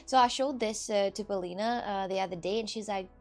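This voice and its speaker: Russian-accented woman streamer, rambling, chatty, mid-pitch voice, faint music underneath. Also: fairly quick, few pauses, darkish tone. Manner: rambling and chatty, with loose non-native grammar. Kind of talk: casual livestream chat with viewers.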